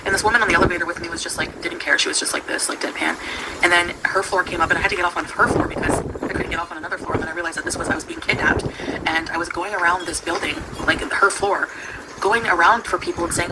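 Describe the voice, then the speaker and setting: Woman host, casual stream chatter, giggly and meandering, with a steady hiss of noise under the voice. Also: fairly low pitch, very fast. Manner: chatty, giggly, trails off mid-sentence. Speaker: livestream host. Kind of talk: casual rambling chat.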